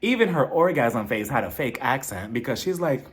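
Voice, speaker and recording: A man's voice: medium pitch, expressive, brisk, few pauses. A man recapping a reality TV episode with sarcastic, dramatic asides. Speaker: TV recap host.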